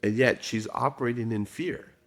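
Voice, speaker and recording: A man's voice: mid-range voice, steady tone, moderate pace. A middle-aged man, a guest expert in a podcast interview, telling stories and acting out quotes. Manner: storytelling with acted quotes.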